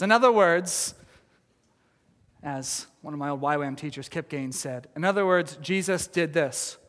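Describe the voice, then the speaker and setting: A man with a high voice preaches in an animated, storytelling way, laughing and acting out quotes. His voice rings with the long reverb of a church hall. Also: normal speed. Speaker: pastor. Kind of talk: sermon.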